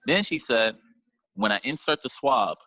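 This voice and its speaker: A man doing stand-up comedy over a video call, telling a story in an animated, slangy way with acted-out dialogue. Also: mid-range voice, measured pace, no room sound, low-quality recording.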